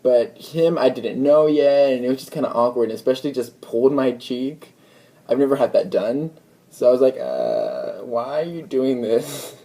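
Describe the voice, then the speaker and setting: A young man vlogging in a relaxed, mellow tone, a warm rather than bright voice. He rambles through a story, leaning on "like" and slipping into quoted dialogue, casual and unscripted. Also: medium pitch, a little fast. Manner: rambling, chatty retelling full of "like" and quoted dialogue.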